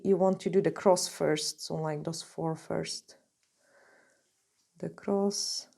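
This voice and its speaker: A woman's voice: mid-range voice, mellow. A woman nail artist talking through a tutorial in a chatty, gushing way, full of fillers, while she is losing her voice. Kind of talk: casual tutorial narration while working.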